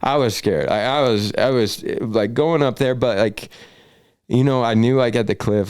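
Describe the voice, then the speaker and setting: A man's voice: medium pitch, moderate pace, darkish tone, clean tone, no echo, studio quality. A young man, a podcast guest, telling a long story in casual, rambling talk full of fillers and swearing. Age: young adult. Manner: rambling, filler-heavy, profane.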